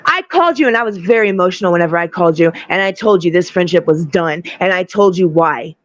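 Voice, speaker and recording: A woman speaking in a blunt, confrontational way, swearing freely as she makes her case. Her voice sits at a middle pitch and sounds dry and close. The stream audio is dull and lo-fi. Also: animated, quick pace, no room sound. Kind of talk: heated casual argument.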